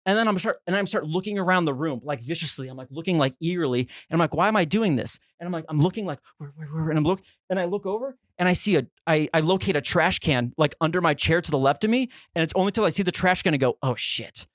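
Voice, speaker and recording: A young man co-hosting a podcast, telling a story in a casual, animated way and acting out his own reactions. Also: fast talker, few pauses, no room sound, studio quality. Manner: animated, re-enacts his own reactions with big pitch jumps. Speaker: podcast co-host.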